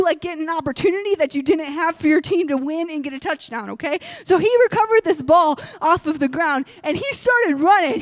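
A woman's voice: very high voice, no echo. A young woman preaching to a youth group in a gym, telling stories animatedly and checking in with "okay?" after nearly every line. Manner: animated storytelling, peppered with "okay?". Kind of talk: energetic sermon to a youth group.

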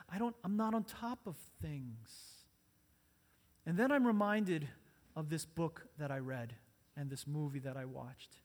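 A male pastor preaching a sermon, earnest and repetitive, moving between hushed and loud. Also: fairly high pitch. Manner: earnest, repeating phrases, swings between soft and loud. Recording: long hall reverb.

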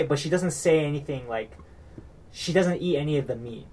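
Guy chatting loosely about a show, kinda high voice, lots of ums and likes, gets heated. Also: moderate pace. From United States. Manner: rambling, many fillers and restarts, gets worked up. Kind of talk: casual chat recapping a reality show.

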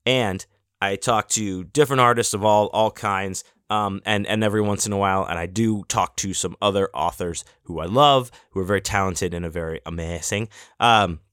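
A man with a fairly low voice hosts his podcast in a loose, rambling monologue. He trips over his words, restarts sentences and scatters in casual swearing. The sound is dry and close, with no room around it. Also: moderate pace, a bit bright, smooth, no echo. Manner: rambling with many restarts and fillers. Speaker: podcast host.

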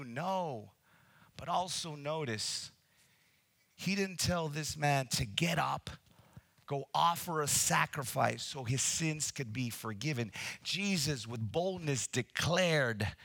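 Animated preacher with a gravelly, bright voice. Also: male voice, on the high side, unhurried, no echo. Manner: animated, acts out Bible scenes, addresses the congregation. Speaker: pastor. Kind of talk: sermon.

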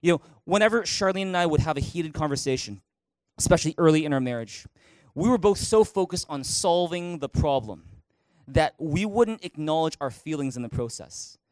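A middle-aged male pastor preaching a sermon in a church, animated, acting out angry quotes with sudden loud outbursts. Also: fairly high pitch, normal speed, no echo. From Canada. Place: church auditorium.

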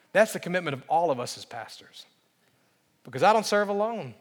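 Male pastor, high voice, emphatic sermon delivery with repeated refrains, long church-hall reverb. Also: normal speed. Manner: earnest, emphatic, repeats key phrases.

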